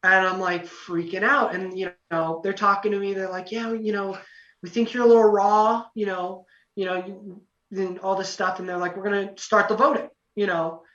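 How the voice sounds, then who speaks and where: A young man telling a story as a podcast guest, excited and rambling, full of fillers. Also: high-pitched, moderate pace. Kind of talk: casual storytelling. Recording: roomy, distant, dull lo-fi podcast audio.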